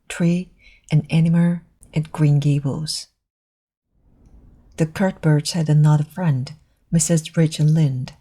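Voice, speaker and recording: A woman with a low, mellow voice narrates a novel as an audiobook at a measured, steady pace. Her first language is Korean, and her tone carries a soft husky grain.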